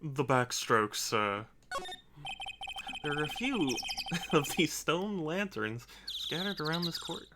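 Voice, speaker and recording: A man's voice: on the high side, very animated, slow, pauses often, heavy background noise. A man reading a wry young lawyer's thoughts. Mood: musing. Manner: dry, musing narration. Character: wry young male defense attorney.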